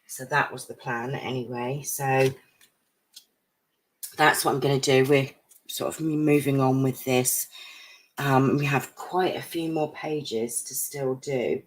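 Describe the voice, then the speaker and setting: Lady at her craft desk, very low voice, bit croaky and breathless, chatty with lots of ums, faint hiss. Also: steady tone, takes it slowly, low-quality recording. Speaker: craft live-streamer. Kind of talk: casual craft chat.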